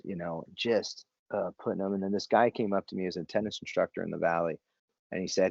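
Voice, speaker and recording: Low, gravelly man telling a story. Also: steady tone, brisk, no echo. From Los Angeles area. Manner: candid, rambling with fillers and restarts. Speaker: podcast guest. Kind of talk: storytelling in casual conversation. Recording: dry, dull lo-fi sound.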